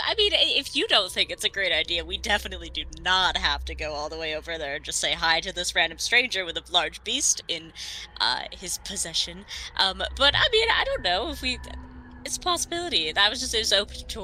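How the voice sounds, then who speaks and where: A woman's voice: on the low side, fairly quick, slight background noise, pitched below the performer's own voice, heavily acted, poor audio. Woman playing bubbly chatty cleric Esther. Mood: hesitant. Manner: bubbly, animated, rambling. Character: cheerful chatty female cleric, eager and naive. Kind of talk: in-character roleplay in a tabletop game.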